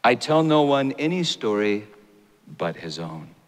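A preacher playing a vast, calm lion who speaks slowly and gravely, reading it aloud in a sermon. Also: male voice, medium pitch. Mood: solemn. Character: vast deep-voiced male lion, calm and solemn. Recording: long hall reverb.

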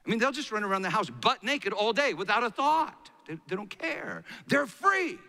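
A middle-aged man preaching a sermon as a pastor, swinging between hushed and loud passages. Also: sits high, expressive, a little fast. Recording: long reverb of a large hall.

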